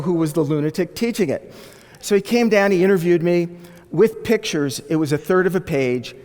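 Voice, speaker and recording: A man recounts a personal story, slipping into the voices of the people in it with animated energy. His voice sits a little high for a man. A long reverb trails after him, as in a large hall. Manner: animated, acts out the people he quotes. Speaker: speaker telling his life story. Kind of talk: storytelling talk.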